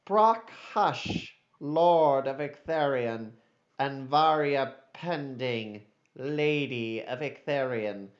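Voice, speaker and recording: A stately, slow-spoken court herald, a man putting him on, loud and formal, for a tabletop game. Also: medium pitch, highs cut off. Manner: pompous, drawn-out announcing.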